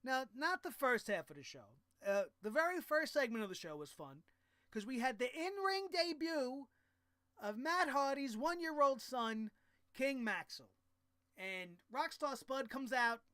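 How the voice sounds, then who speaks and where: A man's voice: very high-pitched, very animated, measured pace, bright, forceful tone, clean tone, dry recording, studio quality. A man recapping a wrestling show in a casual, profane and exasperated rant, full of sarcasm.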